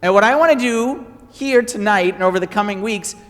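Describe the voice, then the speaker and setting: Guy pastor preaching, high voice, lots of repeating for emphasis, long hall reverb. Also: a little fast. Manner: animated storytelling, emphatic repetition. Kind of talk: sermon.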